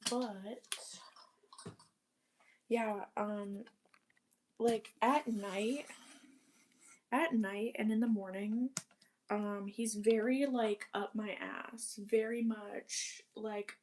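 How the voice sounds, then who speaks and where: A woman's voice: mid-range voice, darkish tone, slight background noise. A young woman chatting casually while cleaning her apartment, rambling with lots of fillers and casual swearing. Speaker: vlogger.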